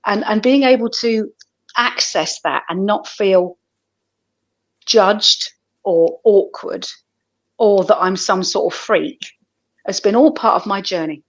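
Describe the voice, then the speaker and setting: A woman's voice: mid-range voice, slow, pauses often, lo-fi sound. A woman comedian, talking earnestly and reflectively in a casual interview, often restarting her sentences. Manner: earnest, faith-minded, with frequent restarts. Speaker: comedian guest.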